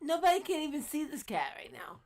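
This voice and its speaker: A woman's voice: high-pitched, wildly swooping pitch, fairly quick, a little mellow. A woman co-hosting a casual podcast who teases playfully and keeps cutting in. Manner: teasing, playful, cuts in. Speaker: podcast co-host. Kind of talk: casual bar-talk podcast chat.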